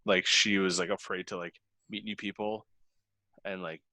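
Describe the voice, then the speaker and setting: Deep-voiced man, halting. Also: flat delivery, bright, forceful tone, no echo. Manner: halting, searching for words. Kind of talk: casual group chat.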